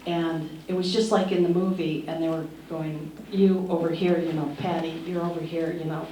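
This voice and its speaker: A middle-aged actress telling an animated anecdote at a panel, acting out the voices she quotes and laughing often. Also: low-pitched, moderate pace. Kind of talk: lively anecdote at a museum panel. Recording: distant roomy hall with faint noise.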